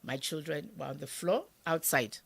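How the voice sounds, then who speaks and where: A middle-aged woman with a Nigerian accent tells a painful family story as an interview guest. Her voice sits low, with a husky, gravelly grain and a bright, tense edge. She acts out the other voices and sinks to a whisper when the memory bites. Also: moderate pace. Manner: animated, acts out quoted voices, drops to whispers. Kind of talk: emotional personal storytelling.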